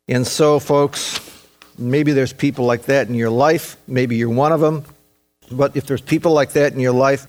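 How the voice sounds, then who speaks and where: A man preaching a sermon as pastor, stressing phrases slowly and acting out quoted speech. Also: medium pitch.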